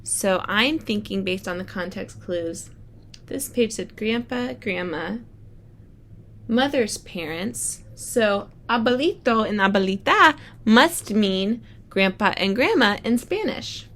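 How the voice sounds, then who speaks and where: A woman's voice: mid-range voice, animated, slow, a bit bright. A woman teacher reading a picture book aloud to children, thinking aloud as she models how to work out unfamiliar words. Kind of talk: read-aloud lesson for children.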